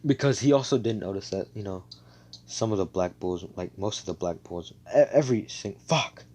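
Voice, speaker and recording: A man with a low, mellow voice tells a fan story in a loose, rambling way. He fills gaps with "like" and "you know" and swears casually. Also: normal speed. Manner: rambling, full of fillers and swearing.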